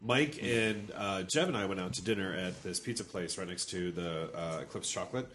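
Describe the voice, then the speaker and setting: A man's voice: low-pitched, normal speed, a little hiss or hum. A man co-hosting a podcast in casual chat, telling a story and acting out the people in it. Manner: animated storyteller, acts out quotes. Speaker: podcast co-host.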